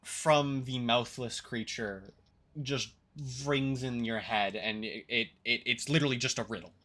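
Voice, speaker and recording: A man narrating a tabletop game as game master, casual and halting, with fillers. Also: mid-range voice, sharp tone.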